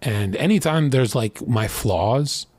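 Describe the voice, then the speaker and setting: A man's voice: mid-range voice, lively intonation, slow pace, darkish tone, slightly rough, no room sound. A man in his late twenties giving crude, boastful dating advice in a rambling casual monologue, often acting out what others say. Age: late 20s.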